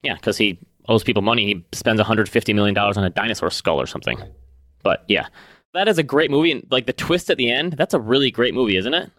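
A man's voice: on the low side, fast talker, no echo. Chatty male podcast co-host, dry sound. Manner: relaxed, chatty, lots of "like" fillers. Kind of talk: casual chat.

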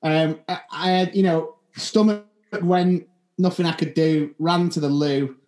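A man's voice: on the high side, fairly even intonation, a little slow, darkish tone. A man co-hosting a podcast, rambling through funny anecdotes with lots of restarts. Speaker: podcast co-host. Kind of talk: casual chat. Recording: roomy echo.

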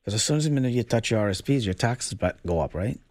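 A man's voice: lowish voice, lively intonation, quick pace, a little mellow, dry recording. A middle-aged man giving financial advice on call-in radio, casual and hedging, often ending with "right?". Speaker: financial advisor guest. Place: radio studio.

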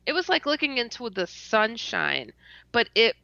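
Woman, interview guest, animated storyteller, gravelly edge, dull lo-fi dry recording. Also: on the high side, moderate pace, no echo. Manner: animated, laughs often, stutters and restarts. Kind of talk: casual personal storytelling.

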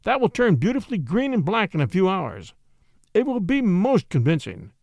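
Sly gleeful schemer, middle-aged gent, high lively theatrical protests, narrator putting him on, dry sound. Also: male voice, normal speed, vocal fry, no echo, full character voice. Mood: smug. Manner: mock-indignant, theatrical protests.

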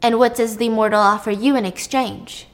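A woman's voice: a little high, fairly even intonation, natural voice. A woman voicing a weary, stern old female sea goddess who talks down to her granddaughter. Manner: stern, dismissive, slow.

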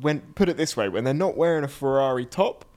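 A man's voice: mid-range voice, expressive, quick pace, darkish tone. A young man co-hosting a casual podcast, chatty and opinionated, often laughing. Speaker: podcast co-host. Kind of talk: casual chat.

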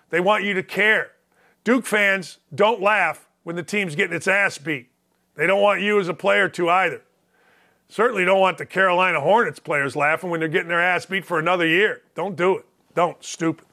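A man's voice: high voice, bright, forceful tone. An older man hosting a sports talk show, ranting emphatically and repeating his points. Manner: emphatic, repetitive, preachy rants. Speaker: host.

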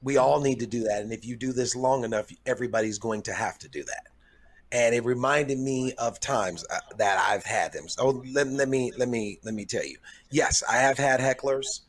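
A man stand-up comedian hosting a podcast, telling stories in a relaxed, casual way. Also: mid-range voice, normal speed. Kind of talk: casual storytelling chat.

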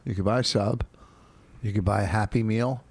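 A man's voice: lowish voice, fairly even intonation, brisk, husky. A man co-hosting a casual talk show with his wife, rambling through comic, indignant gripes. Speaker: comedian podcast co-host. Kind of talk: casual married-couple banter.

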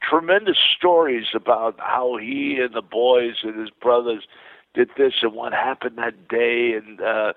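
Calling in by telephone, an older Queens, New York man speaks in a mid-range voice at an unhurried pace, with no echo but a tinny line. His interview stories are enthusiastic and meandering, full of restarts.

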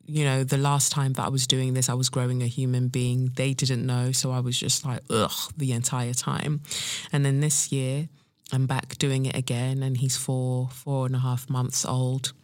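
A woman's voice: extremely low pitch, little pitch movement, moderate pace, no room sound, studio quality. A woman hosting a podcast in a casual solo chat, slangy and self-hyping, full of fillers. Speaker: podcast host.

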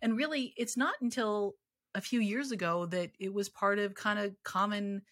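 A woman's voice: mid-range voice, steady tone, moderate pace, a bit bright, no echo, studio quality. A woman in her forties, a parenting author and interview guest, who talks in a frank, candid way with wry asides. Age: 40s. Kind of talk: casual conversational interview.

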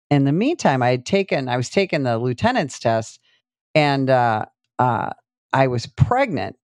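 A middle-aged woman tells police war stories as an interview guest, lively and full of fillers, her voice swinging widely in pitch. The sound is dry and close, with no room around it. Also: dry recording. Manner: animated storyteller, many fillers, acts out quotes. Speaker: podcast guest, police sergeant and trainer. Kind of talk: casual storytelling interview.

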